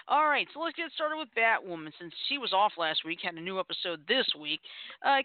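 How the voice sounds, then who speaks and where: A playful show host whose pitch swings widely as they chat and joke between topics, laughing often. The sound is thin and tinny, like a phone line, and dry with no room around it. Keep it loose and conversational. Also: dry recording. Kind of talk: casual internet radio show hosting.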